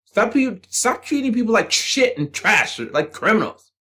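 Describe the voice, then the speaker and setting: Male channel host, profane motivational monologue, confrontational, animated pitch. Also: normal speed. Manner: blunt, combative, swears freely. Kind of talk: profane motivational rant to camera.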